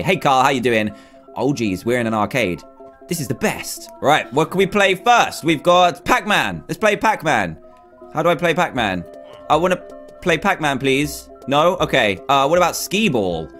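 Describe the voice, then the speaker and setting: A young man giving excitable let's play commentary, exclaiming and pleading with the game as he plays. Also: on the high side. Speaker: gaming YouTuber. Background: faint game music.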